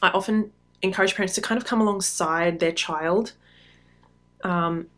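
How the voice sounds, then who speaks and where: A middle-aged woman hosting a parenting podcast, giving advice in a relaxed, conversational way with frequent ums. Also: lowish voice, moderate pace. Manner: conversational, frequent ums, acts out quoted lines. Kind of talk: casual advice talk. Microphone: podcast mic.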